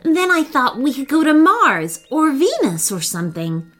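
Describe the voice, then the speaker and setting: A woman voicing Arthur, a calm, capable boy steering a rocket in a children's story. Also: sits high, normal speed, voice pushed up.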